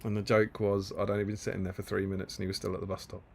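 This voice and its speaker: A man's voice: low-pitched, flat delivery, racing, gravelly, husky. A man, co-hosting a casual livestream and reading out chat, laughing often and restarting his sentences. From Greater London, England. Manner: chatty, laughs often, lots of restarts and fillers. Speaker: co-host reading live chat.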